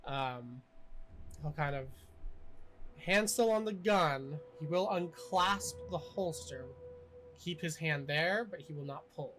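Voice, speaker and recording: A young man narrating as game master in a tabletop game, casual and halting with many fillers. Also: on the high side, fairly bright tone, soft background music, rough recording.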